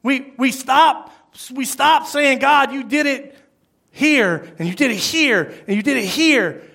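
A man preaching a sermon as pastor, acting out quoted lines and swinging between loud bursts and hushed asides. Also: very high voice, unhurried, creaky.

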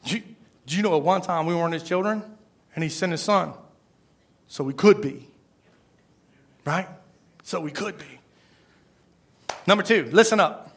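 A man's voice: sits high, normal speed, creaky, long pauses, fairly bright tone. A man preaching a sermon, emphatic and repeating his phrases. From Florida. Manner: emphatic, repeats phrases, asks the crowd "right?". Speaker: pastor.

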